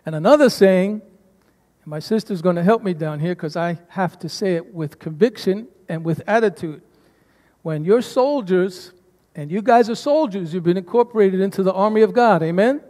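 A man's voice: high voice, moderate pace, mellow. A man preaching a sermon as pastor to his congregation, calling for responses from them. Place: church sanctuary. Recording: long church reverb.

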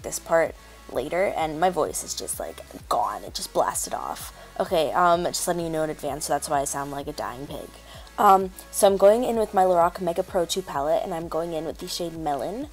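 A woman chatting casually as she narrates a makeup tutorial, rambling with lots of fillers. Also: fairly low pitch. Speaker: beauty vlogger.

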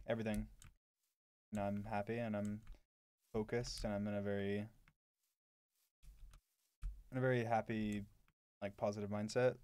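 A man's voice: lowish voice, a little mellow, clear, resonant tone, no echo. A young man in his twenties casually answering chat on a live stream, blunt and sarcastic, with lots of "like". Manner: blunt and offhand, heavy filler "like", sarcastic asides.

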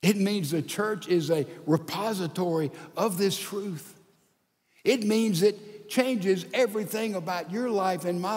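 Older male pastor, unhurried sermon delivery, dips soft then swells, long reverb of a large sanctuary. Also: sits high, faint music behind. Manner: dramatic swings from loud to hushed; slow, deliberate delivery with long pauses.

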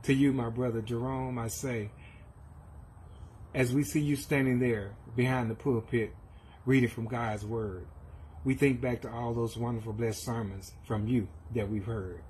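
A man delivers a rhyming church tribute in an even, measured cadence. A faint hiss sits under the recording. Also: medium pitch, poor audio. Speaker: church member giving a tribute. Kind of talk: recited tribute poem.

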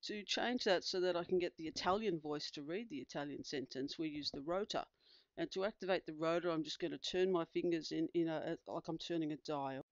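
An instructor calmly explaining a tablet feature step by step, with small fillers along the way. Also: mid-range voice, brisk, dry recording, muffled recording. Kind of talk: screen-recorded tutorial demonstration.

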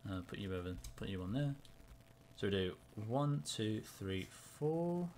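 A young man chatting casually and excitedly to himself in a card-opening vlog. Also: on the low side, a little slow, slight background noise. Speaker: YouTuber.

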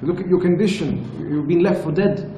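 A man's voice: high voice, normal speed, mellow, echoey room, slight background noise, close to an everyday voice, poor audio. A man quoting a worried, urging mother. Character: anxious mother urging her wounded grown son.

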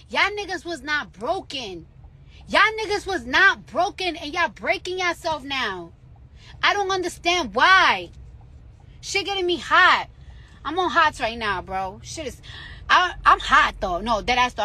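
A woman's voice: high-pitched, bright, forceful tone. A woman in a heated, profane rant, repeating herself and swearing freely. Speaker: rapper ranting on social media. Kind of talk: angry rant in a clip.

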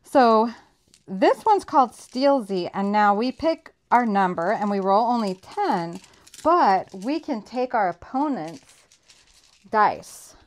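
A woman's voice: medium pitch, animated, slow. A woman hosting a casual home game night, playful and teasing, laughing as she plays dice at a table indoors. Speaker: savings channel host.

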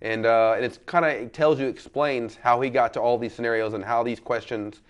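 Fast, excited male co-host in a casual review chat. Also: mid-range voice. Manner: quick, animated, enthusiastic opinions.

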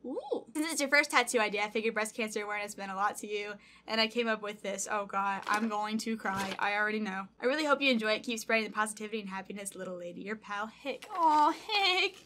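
A woman's voice: medium pitch, fast, few pauses, sharp tone, a little hiss or hum. A young woman YouTuber opening fan mail at home in a casual vlog, gushing and thanking viewers again and again. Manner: bubbly, gushing, thanks over and over. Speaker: gaming YouTuber. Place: home room.

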